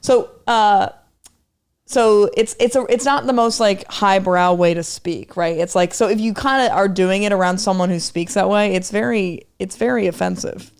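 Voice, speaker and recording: A woman's voice: mid-range voice, normal speed, clean tone. A woman with an American accent, raised in England, telling rambling stories as a comedian guest on a podcast. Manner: rambling storyteller, lots of likes and restarts. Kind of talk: casual podcast chat.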